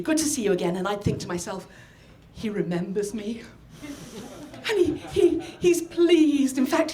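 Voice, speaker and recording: A woman from the north of England, performing a personal story live with animated, dramatic delivery. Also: on the high side, roomy sound. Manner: animated, dramatic, acts out scenes. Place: storytelling event venue.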